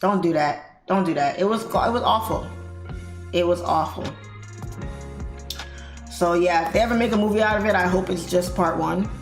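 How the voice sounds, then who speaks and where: A young adult woman hosting a live trading stream in a casual, animated, chatty way, reading viewer comments aloud. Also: fairly low pitch, moderate pace, creaky, long pauses. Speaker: trading livestream host. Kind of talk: casual livestream chat while trading. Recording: roomy echo with faint music behind.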